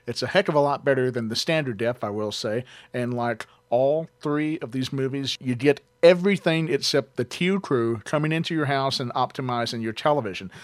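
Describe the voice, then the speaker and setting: Talking fairly quickly with few pauses, this mid-range-voiced online radio host jokes his way through reviews of home video releases. The recording is dry, and he rambles into tangents with plenty of "uh" fillers.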